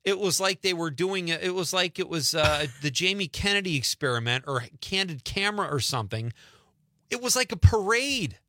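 A man hosting a casual radio show, telling stories in an animated way and often laughing. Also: on the high side, fairly quick, hardly any pauses, background noise. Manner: animated storyteller, exclaims and laughs. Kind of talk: casual on-air chat.

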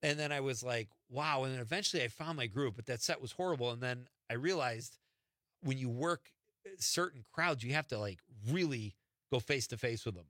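Chatty man with a bright voice. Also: medium pitch, a little fast, no echo, clean studio sound. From Chicago area. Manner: chatty, self-deprecating storyteller with laughs and restarts. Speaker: podcast host, comedian. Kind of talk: casual chat.

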